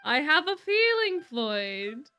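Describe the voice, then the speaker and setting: A young woman streamer reading a game's story aloud and commenting in a giggly, animated, teasing way. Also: sits high, slow, soft background music. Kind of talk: game playthrough reading and commentary.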